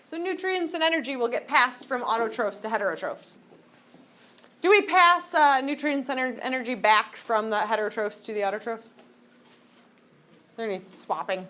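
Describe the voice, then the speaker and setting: A woman lectures her high school class in a classroom, with a fairly high voice that swoops up and down. She teases the students and keeps asking them questions. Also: expressive, moderate pace, pushed and bright. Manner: joking, teasing, asks the class questions. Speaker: high school biology teacher.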